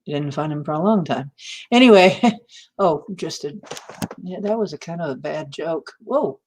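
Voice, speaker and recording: A woman's voice: deep voice, expressive, moderate pace, darkish tone, a little hiss or hum. A woman hosting a livestream, chatting casually with viewers, laughing often and greeting them by name. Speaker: livestream host. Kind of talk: casual chat with live viewers.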